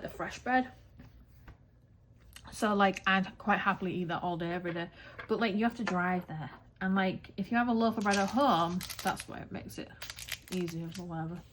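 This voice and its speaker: A woman with an English accent, chatting rambling and animated in a casual vlog monologue, swearing freely. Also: mid-range voice, noisy background. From England. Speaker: craft vlogger.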